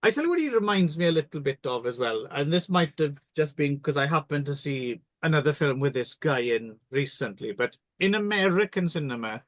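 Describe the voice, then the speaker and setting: Dry-witted man, somewhat high voice. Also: expressive, brisk, hardly any pauses, fairly bright tone, no room sound. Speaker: podcast co-host. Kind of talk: casual chat.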